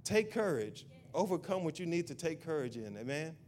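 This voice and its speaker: A man's voice: on the high side, big pitch swings, moderate pace, darkish tone. Exhorting male pastor preaching. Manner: repetitive, exhorting, building to fervent prayer. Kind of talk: sermon.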